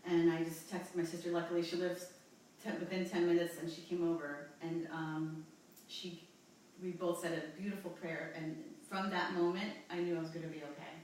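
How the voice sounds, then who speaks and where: A woman from New Jersey in her forties, telling a personal story in an interview with halting, rambling speech and many fillers. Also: on the low side, little pitch movement, darkish tone, distant mic, a little hiss or hum. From New Jersey, USA. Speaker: interview guest. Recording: echoey room, voice from off-mic.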